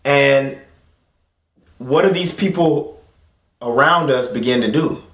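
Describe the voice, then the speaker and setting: A man hosting his own channel, reading scripture and then preaching in a casual, conversational way, jumping up in pitch when he acts out other voices. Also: takes it slowly, a bit bright, reverberant. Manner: rises in pitch to act out crowd voices; conversational, with fillers and restarts. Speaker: host and preacher.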